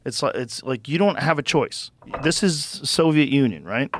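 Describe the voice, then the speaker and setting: Pria pembawa acara podcast yang mengobrol santai dan bersemangat, sering mengumpat saat menjelaskan sesuatu. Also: male voice, medium pitch, moderate pace. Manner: animated, swears freely, explains with enthusiasm. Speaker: podcast host. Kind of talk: casual studio chat. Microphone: studio microphone.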